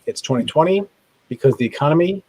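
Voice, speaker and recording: A man's voice: a little high, lively intonation, quick pace, a crowd in the background, poor audio. A man hosting a casual game night over a video call, joking and playful as he runs the rounds. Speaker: game show host.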